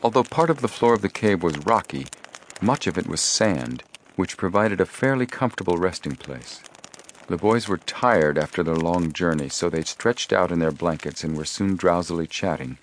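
A man narrating an adventure story as an audiobook reader, in a measured, steady way. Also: low voice, slight background noise. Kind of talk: scripted narration.

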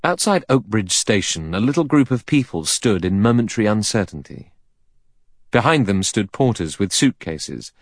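A man reading a novel aloud in expressive scripted narration. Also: fairly low pitch, moderate pace, no echo, clean studio sound. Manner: expressive, varied delivery. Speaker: audiobook narrator.

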